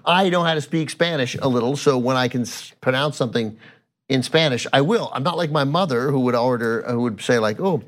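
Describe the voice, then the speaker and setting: A man's voice: mid-range voice, brisk. A man co-hosting a podcast in casual chat, who keeps pressing questions and explains his points with examples. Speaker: podcast co-host.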